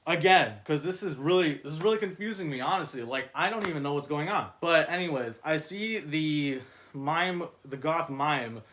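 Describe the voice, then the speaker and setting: A man's voice: on the high side, animated, moderate pace, fairly bright tone, a little hiss or hum. A man telling an absurd story in a casual, rambling way, piling on fillers and mock-dramatic emphasis, often restarting mid-sentence. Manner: frequent self-corrections and restarts. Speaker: storyteller reading his own script.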